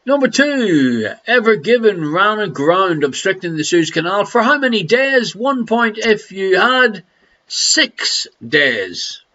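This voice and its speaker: An Irish man hosts a live online quiz, jokey and teasing, laughing between questions. His high voice swings widely in pitch at a slow pace, sounding pushed and bright, though the audio is dull.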